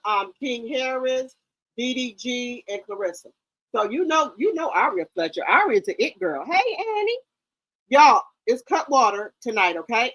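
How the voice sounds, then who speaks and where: Woman in her 50s, aave, sassy and blunt, cusses a lot, kinda high voice, dry close sound. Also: a bit bright, no echo, low-quality recording. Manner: blunt, sassy, curses freely. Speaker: livestream host. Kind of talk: casual livestream chat.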